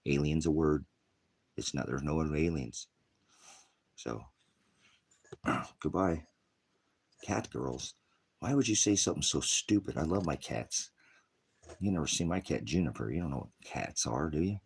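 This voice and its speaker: A man's voice: rumbling low, lively intonation, a little slow, creaky, pauses often, husky. A retired male pastor preaching in a rambling, combative rant that jumps from topic to topic. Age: older.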